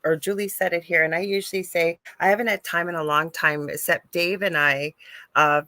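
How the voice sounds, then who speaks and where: A woman's voice: on the low side, fairly even intonation, a little fast, sharp tone, dry recording. A middle-aged woman from Canada, a psychic medium guest, chatting in a talkative, storytelling way on a remote call. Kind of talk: casual podcast chat.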